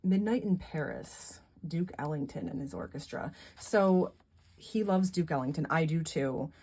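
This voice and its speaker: A middle-aged woman vlogger chatting casually and gushing softly about gifts, laughing often. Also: low-pitched, lively intonation, measured pace, husky. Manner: soft-spoken and gushing, with frequent laughs. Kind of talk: casual chat showing gifts.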